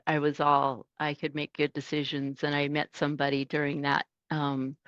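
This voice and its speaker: A woman's voice: deep voice, a bit bright, no room sound, lo-fi sound. A middle-aged woman, a truck driver, telling stories in a casual interview and animatedly acting out the voices she quotes.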